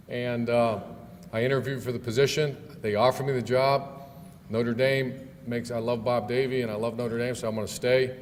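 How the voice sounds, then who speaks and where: A middle-aged man tells stories as a guest speaker, folksy and loose, full of fillers and restarts. His voice sits at a medium pitch and rings out with a long reverb in a banquet hall. Faint room noise runs underneath. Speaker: guest speaker, football coach. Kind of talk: storytelling speech at a club event.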